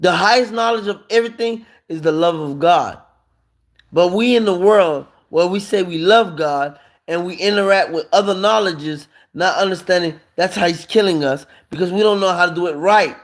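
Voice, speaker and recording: A man's voice: high voice, moderate pace. A man preaching in an impassioned monologue on a live stream, emphatic and firing off rhetorical questions.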